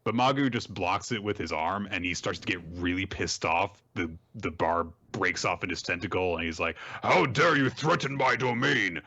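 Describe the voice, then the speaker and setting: Animated man recapping manga. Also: sits low, moderate pace, few pauses, dull audio. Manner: animated, jumps into silly character voices for quotes. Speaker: podcast host recapping manga. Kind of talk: casual chat, summarizing with voiced quotes.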